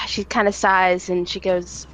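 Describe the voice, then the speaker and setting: A woman's voice: on the low side, level tone, a little slow, a bit bright, low-quality recording. A woman who is a tabletop game player, describing her character's actions in a subdued way.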